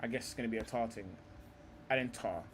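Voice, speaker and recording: A man's voice: mid-range voice, fast, noisy background. A young man hosting a live stream, talking football in a rambling, heated way, swearing often and calling people bro.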